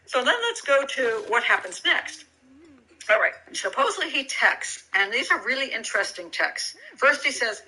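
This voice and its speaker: A woman's voice: on the high side, sing-song, moderate pace, bright, forceful tone, a little hiss or hum, rough recording. A woman giving casual commentary on a criminal case, reading from documents and thinking aloud with many restarts, incredulous and sarcastic. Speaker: true crime commentator.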